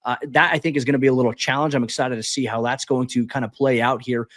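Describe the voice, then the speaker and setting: Guest-hosting a sports podcast, a man chats casually about football, talking rapidly and animatedly. He often stammers over his first words and restarts before pressing on. His medium-pitched voice sounds close and dry, with no room sound.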